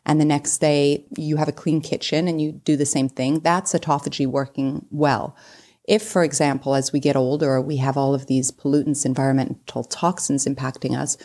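Guest: woman, mid forties, low voice, eager explainer who talks through analogies. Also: flat delivery, normal speed, mellow. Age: 40s. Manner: explanatory, uses analogies, giggly asides. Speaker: podcast guest. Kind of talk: casual interview chat.

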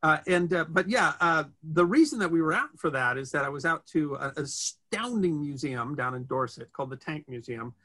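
A man's voice: on the high side, animated, moderate pace, few pauses, pushed and bright. A man chatting in an interview about his history channel travels, rambling with many fillers and restarts. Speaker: history video host, guest. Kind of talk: casual interview chat.

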